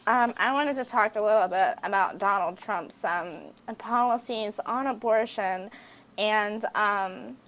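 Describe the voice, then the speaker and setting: A woman's voice: medium pitch, measured pace, a bit bright. Southern-accented woman podcast host. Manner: profane, frequent ums, rambling asides. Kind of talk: casual podcast chat.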